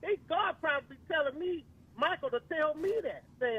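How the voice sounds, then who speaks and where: A man's voice: very high-pitched, animated, normal speed, narrow, tinny audio. A man from Louisiana, speaking as a radio show caller in fervent, preacherly commentary and drawing out words for emphasis. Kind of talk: impassioned talk radio commentary.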